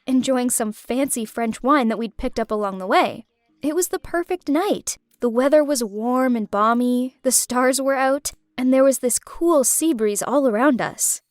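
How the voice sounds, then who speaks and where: Animated high-voiced young woman storyteller. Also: no echo, clean studio sound. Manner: animated, dramatic. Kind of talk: first-person storytime narration.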